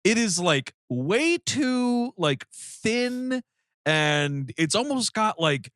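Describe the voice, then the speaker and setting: A man's voice: high-pitched, big pitch swings, drawn-out words, fairly bright tone, no room sound, studio quality. A man co-hosting a comedy podcast, in casual chat, ranting in mock outrage and swearing freely. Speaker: podcast co-host.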